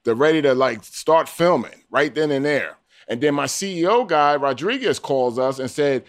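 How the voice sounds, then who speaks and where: A man who works as an armored car guard, telling his story in an interview with animated energy and acting out the voices he quotes. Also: a little high, moderate pace, clear, resonant tone.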